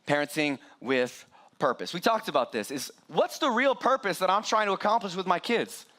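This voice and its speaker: Middle-aged pastor guy preaching, upbeat and jokey, kinda high voice. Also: brisk. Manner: lively, joking, animated preaching with laughs. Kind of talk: sermon.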